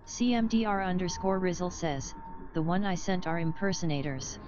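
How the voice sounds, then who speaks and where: A woman reading chat messages aloud in a flat, even way. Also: fairly low pitch, normal speed, muffled recording, slight background noise.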